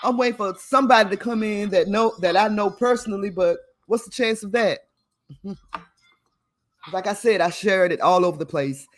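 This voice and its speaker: A woman's voice: mid-range voice, normal speed. A woman hosting a livestream, talking casually and emphatically to her viewers, often laughing and sounding preachy. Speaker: livestream host.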